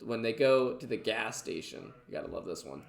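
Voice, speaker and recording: A man's voice: fairly low pitch, lively intonation, brisk, creaky, reverberant. A man casually reacting to clips, chatty and full of fillers. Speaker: reaction video host.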